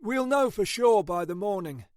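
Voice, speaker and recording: A man's voice: high voice, lively intonation, moderate pace, a little mellow, no room sound, studio quality, voice pushed up. A man reading an audiobook, voicing a skeptical, plain-spoken male police colleague with an offhand manner.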